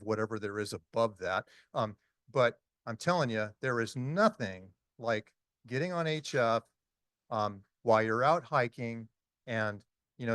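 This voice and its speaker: A man's voice: mid-range voice, a bit bright, no echo, studio quality. A man in his sixties giving a casual, story-driven presentation to an audience, with frequent ums and uhs. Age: 60s. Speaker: conference speaker. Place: meeting hall talk.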